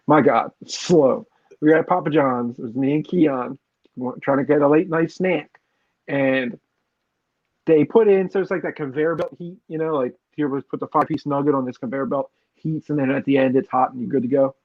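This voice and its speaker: A man co-hosting a podcast, chatting casually and telling animated stories with lots of laughter. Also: medium pitch, normal speed, phone-quality sound. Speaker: podcast co-host. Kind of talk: casual chat.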